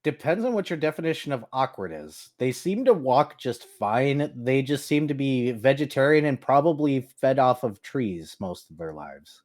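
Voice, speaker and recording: Male game master with an even mid voice who narrates at ease. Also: mid-range voice, moderate pace, hardly any pauses. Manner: descriptive, relaxed, with fillers.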